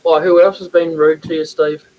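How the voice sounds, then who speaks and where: A man's voice: on the high side, level tone, normal speed. Joking man hosting a live stream. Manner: joking, teasing, laughs often. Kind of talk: casual live-stream chat. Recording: dull lo-fi audio.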